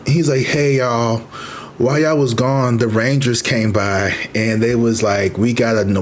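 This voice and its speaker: Animated profane man in his thirties. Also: lowish voice, slight background noise. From Missouri, USA. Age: 30s. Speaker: vlogger. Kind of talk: casual storytelling.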